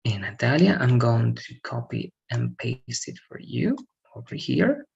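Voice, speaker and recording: A man tutoring English online with a gravelly, creaky voice. He explains slowly and repeats each point, checking often that the student follows. His pitch sits in a middle range. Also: big pitch swings, darkish tone, highs cut off. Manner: patient, repetitive, checks understanding with "all right?". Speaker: English teacher. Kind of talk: one-on-one online English lesson.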